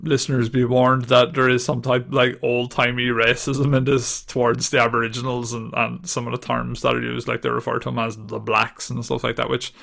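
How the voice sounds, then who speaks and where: Gravelly English man hosting a podcast. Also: medium pitch, level tone, fairly quick, hardly any pauses, a bit bright. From England. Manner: chatty, laughs easily, reads notes aloud. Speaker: podcast host. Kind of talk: casual podcast chat.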